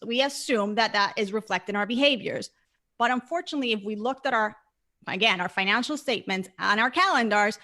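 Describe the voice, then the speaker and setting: A woman's voice: medium pitch, pushed and bright. A woman speaking as a guest in a conversational interview, earnest and emphatic, repeating words for stress.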